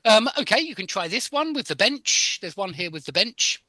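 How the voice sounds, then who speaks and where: Bright, lively male English teacher. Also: high voice, normal speed, no echo. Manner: corrective, encouraging, explains pronunciation. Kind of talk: online live English lesson. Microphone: video call.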